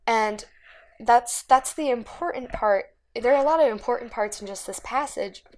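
A woman's voice: fairly high pitch, moderate pace, a little hiss or hum. A woman giving an informal Bible talk, rambling and chatty, often checking in with "right?". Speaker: Bible study speaker. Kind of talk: casual Bible teaching.

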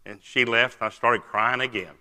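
An older man, preaching a testimony sermon and telling his story earnestly with many "uh" pauses. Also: mid-range voice, steady tone, pushed and bright. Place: large church sanctuary. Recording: long church-hall reverb.

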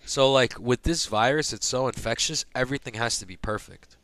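Young man, casual storytelling, profane, animated, smooth clear voice, dry close sound. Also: mid-range voice, brisk, dry recording. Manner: profane, animated, acts out quotes. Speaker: podcast guest telling a hospital story.

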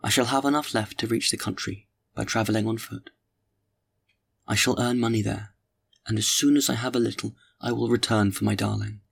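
A man voicing a poor, earnest young mother in a storybook reading, pleading softly. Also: lowish voice, steady tone, fairly quick, vocal fry, husky.

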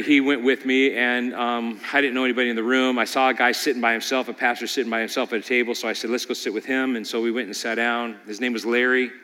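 A male pastor preaching a sermon, moving between loud pleading peaks and quiet storytelling. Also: medium pitch, in a large hall.

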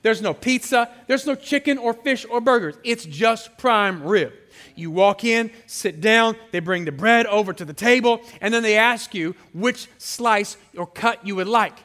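A man's voice: high-pitched, measured pace, a bit bright. A man preaching a sermon, telling playful stories and leading the congregation in call-and-response. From San Francisco area. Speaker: guest pastor.

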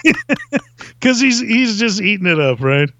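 A man from Virginia, a podcast guest telling comic stories in an animated way and laughing as he goes. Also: sits high, measured pace, no room sound. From Virginia, USA. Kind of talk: comic storytelling. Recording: dull lo-fi dry recording.

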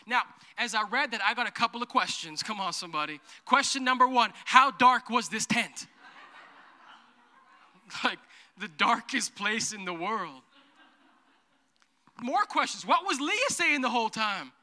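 A high-pitched, very bright-voiced man gives a playful, joking sermon as a pastor. He keeps slipping into quick acted-out asides, and his voice rings with long reverb from a church hall. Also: lively intonation. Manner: playful, jokey, acts out characters in quick asides. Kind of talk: humorous sermon.

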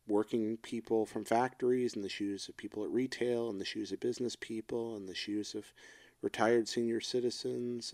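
Middle-aged male co-host; gravelly, slightly low; heartfelt, halting delivery. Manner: reflective, emotional, halting. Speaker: podcast co-host. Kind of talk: casual chat.

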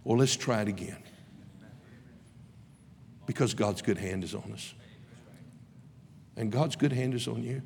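A man's voice: medium pitch, a little slow, creaky, pauses often, darkish tone, a little hiss or hum. A man preaching a sermon in an impassioned, emphatic way, recorded in a large chapel. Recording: reverberant hall.

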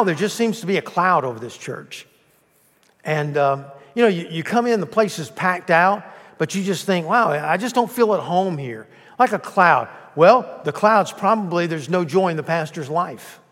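A man's voice: high voice, a bit bright. Man preaching in a reverberant church. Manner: earnest, emphatic preaching with restarts. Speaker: pastor. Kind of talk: sermon. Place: church sanctuary.

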